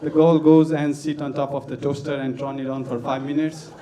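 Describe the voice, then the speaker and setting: A man's voice: on the high side, little pitch movement, fairly quick. A man doing crude, raunchy stand-up at an open-mic night in slightly broken English. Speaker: stand-up comedian. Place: comedy club stage with audience. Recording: live club sound with crowd.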